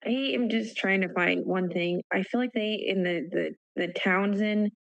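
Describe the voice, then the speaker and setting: A woman's voice: mid-range voice, unhurried, gravelly, dry recording, dull audio. A woman on a board, thinking aloud as she searches for a detail and trailing off. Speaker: board member. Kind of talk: meeting discussion.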